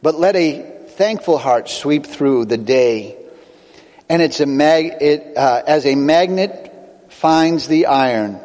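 A man's voice: on the high side, lively intonation, darkish tone. Older male pastor preaching in a hall. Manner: earnest preaching with quick bursts and slow emphatic phrases. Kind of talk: sermon.

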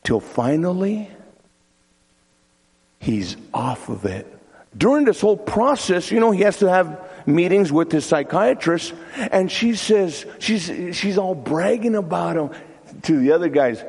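A man's voice: high voice, big pitch swings, unhurried, vocal fry, a little mellow, husky. A man preaching a sermon in a church, telling a story with acted-out voices and repeated words. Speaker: pastor. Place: church sanctuary. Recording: long hall reverb.

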